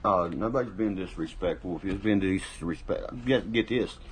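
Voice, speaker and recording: Deep-voiced profane man. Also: moderate pace, background noise. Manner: profane, boastful, rambling; drinking while talking. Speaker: livestream host. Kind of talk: casual livestream chat.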